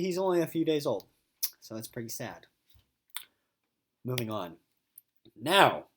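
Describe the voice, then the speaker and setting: Lively male teacher giving a lesson. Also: medium pitch. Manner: animated, reads story passages aloud with voices. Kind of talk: recorded video lesson.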